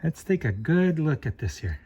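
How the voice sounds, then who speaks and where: A middle-aged man hosting a car repair channel, thinking aloud in an unhurried way while he works on a part at his bench. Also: on the high side, sing-song, dark tone, slightly rough. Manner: talks with a flashlight in his mouth at times. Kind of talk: hands-on repair demonstration.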